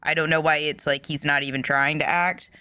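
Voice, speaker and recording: A woman hosting a reaction video, giving animated, opinionated commentary that rises when she gets passionate. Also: low-pitched, a little fast, clean tone, no echo.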